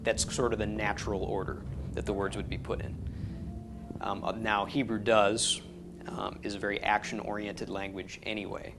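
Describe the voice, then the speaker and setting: Low-voiced man teaching a class. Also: level tone, normal speed, vocal fry, music in the background. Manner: patient, explanatory, with many ums and restarts. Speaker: Hebrew teacher. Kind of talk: classroom lecture.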